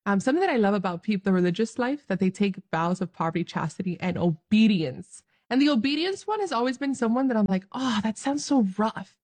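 A woman's voice: mid-range voice, big pitch swings, fast talker, few pauses, a little mellow. A young woman giving an earnest, joyful faith talk straight to her viewers, laughing often as she speaks. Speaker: Catholic speaker.

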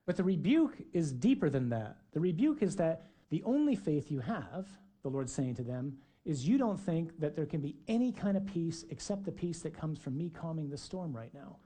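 A man preaching a sermon, acting out shouted dialogue with dramatic flair. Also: fairly high pitch, big pitch swings, moderate pace.

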